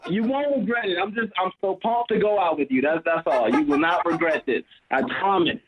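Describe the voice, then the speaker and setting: A man's voice: high voice, a little fast, muffled recording, a crowd in the background. A man on a radio call who stammers eagerly and gets hyped up. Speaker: radio caller. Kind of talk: casual phone chat.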